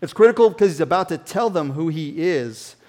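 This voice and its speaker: A man with a fairly high voice preaches a sermon. He talks to the congregation conversationally and with animation, then falls to a hushed tone to stress a point. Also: lively intonation, a little fast. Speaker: pastor.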